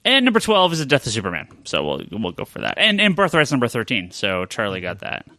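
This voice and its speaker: Man, podcast host, bright tone, dry close mic, casual and a bit profane. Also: mid-range voice, wildly swooping pitch, quick pace, dry recording. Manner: quizzing the others, reading out a ranked list; casual, swearing. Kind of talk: casual chat.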